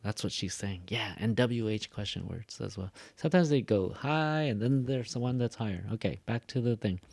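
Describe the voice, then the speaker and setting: A man's voice: on the low side, expressive, moderate pace, creaky, a little mellow, no echo. A man teaching an online English class, repeating words aloud and adding chatty asides over a shared screen. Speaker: ESL teacher.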